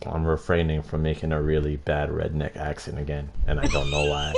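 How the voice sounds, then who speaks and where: A man's voice: extremely low pitch, monotone, a little fast, gravelly, very noisy. A man co-hosting a gaming podcast in casual chat, laughing often and swearing casually. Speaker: podcast co-host.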